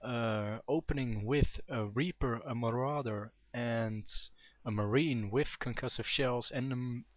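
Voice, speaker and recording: A man's voice: mid-range voice, a little slow, hardly any pauses, no room sound. Chatty young man commentating a game. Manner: chatty, self-correcting, rambling asides. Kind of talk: amateur esports commentary. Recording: dull, dry home mic.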